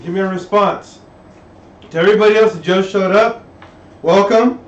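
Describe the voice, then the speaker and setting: In his home garage workshop, a man streams live as he works on an engine, reading chat aloud and rambling in fits and starts with trailing thoughts. He has a high-pitched voice at a moderate pace. The recording picks up garage echo and slight background noise through a dull, distant mic.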